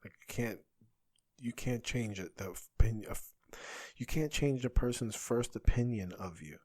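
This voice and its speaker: A man's voice: mid-range voice, normal speed, darkish tone. A man in his thirties, a comedian hosting a solo podcast, talking in a rambling, conversational way that often stops and restarts. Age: 30s. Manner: rambling, self-interrupting, conversational.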